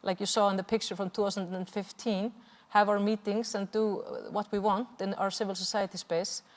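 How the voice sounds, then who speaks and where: Icelandic woman activist at a seminar, fervent but halting, mid-pitched, long hall reverb. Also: steady tone. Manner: earnest, impassioned, with frequent hesitations. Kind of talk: seminar presentation with slides. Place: large hall at a cultural venue.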